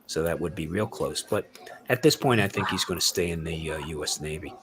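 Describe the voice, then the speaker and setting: A man's voice: rumbling low, brisk, a crowd in the background. A man in his sixties or older hosting a casual group chat, rambling with many fillers and restarts. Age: 60s or older. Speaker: host.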